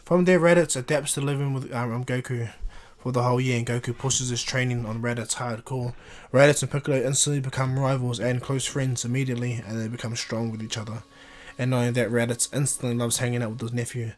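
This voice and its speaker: A man casually retelling a fan-made story, rambling along with frequent restarts and fillers. His voice sits mid-pitch for a man and stays fairly flat in tune. He sounds like a hobbyist narrating a what-if tale.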